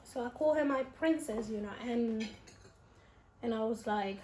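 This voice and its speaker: High-voiced young woman rambling emotionally. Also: normal speed. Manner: rambling, emotional, many fillers and restarts. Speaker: vlogger. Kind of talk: casual storytelling while eating. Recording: roomy room with faint noise.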